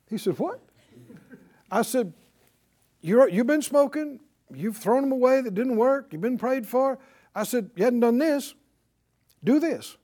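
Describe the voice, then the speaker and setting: A man's voice: extremely high pitch, darkish tone. An older man preaching a sermon, drawing call-and-response from the congregation and retelling conversations. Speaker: pastor.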